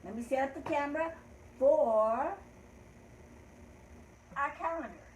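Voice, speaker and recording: An older woman hosts a children's learning show, leading a calendar lesson with slow, encouraging teacher talk and cheerful call-outs. Her voice is high-pitched, and the rough recording has an echoey room and slight background noise.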